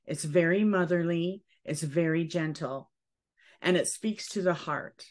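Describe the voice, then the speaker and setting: A woman leading a spiritual cacao ceremony at home, speaking gently and soothingly, often checking in with "okay". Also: on the low side. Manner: slow, gentle, soothing guidance with frequent "okay". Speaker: ceremony leader.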